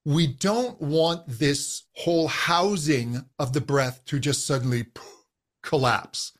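A middle-aged man, a vocal coach, explaining voice and breathing in a calm, instructive way during an interview. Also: fairly high pitch, takes it slowly. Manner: calm, instructive, uses physical demonstrations of voice.

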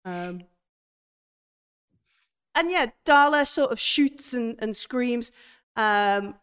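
A young woman narrating a tabletop horror game as game master, hesitant with many pauses and restarts. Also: fairly high pitch, lively intonation, fairly bright tone, smooth.

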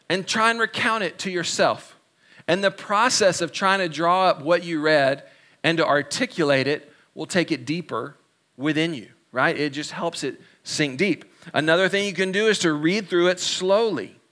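A man preaching a sermon, earnest and encouraging, slowing down to stress key words. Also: a little high, sharp tone. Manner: earnest, encouraging, leans on slow emphasis. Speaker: pastor.

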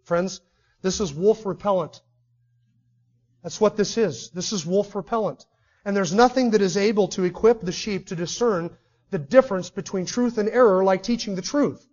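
A man with a strikingly high voice preaches a sermon. He swings between forceful declarations and hushed, intense stretches. The recording sounds dull and lo-fi. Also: moderate pace. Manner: impassioned, swings from loud declarations to quiet intensity.

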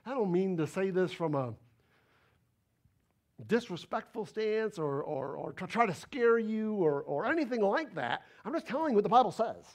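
A man preaching a sermon, animated and emphatic, repeating words for stress. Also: high voice, normal speed. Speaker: pastor.

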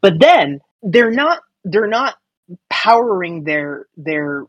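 A man's voice: sits high, very animated, takes it slowly, a bit bright, no room sound, low-quality recording. A man co-hosting a casual podcast, musing in a hesitant, wry way with many restarts. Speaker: podcast co-host.

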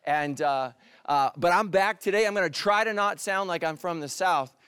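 Joking pastor telling stories. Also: male voice, sits high, normal speed, smooth, no room sound, clean studio sound. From California. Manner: humorous storytelling, drops to hushed tones for emphasis. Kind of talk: sermon.

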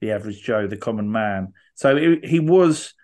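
A man with a somewhat low voice, chatting as a podcast co-host. He talks in a halting way, filling gaps with ums and circling back to rephrase. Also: lively intonation, darkish tone. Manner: halting, many ums and restarts. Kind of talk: casual podcast chat.

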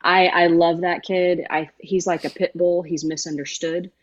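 The guest in this conversational interview is a woman, formerly a sideline reporter, recounting an emotional story with heartfelt emphasis. Her lowish voice varies little in pitch, she talks at normal speed, and the highs are cut off.

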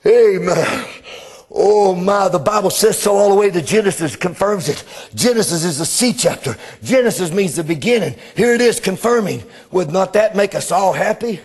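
Preacher guy, high raspy voice, gets loud and fiery in the sermon. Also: animated, normal speed. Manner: fervent, rising into shouted exclamations.

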